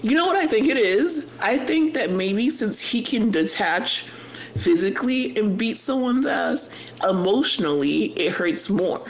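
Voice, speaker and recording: A man co-hosting a podcast, telling stories in an animated, chatty way with quick asides. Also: high voice, a little hiss or hum, rough recording. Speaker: podcast co-host. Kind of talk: casual chat.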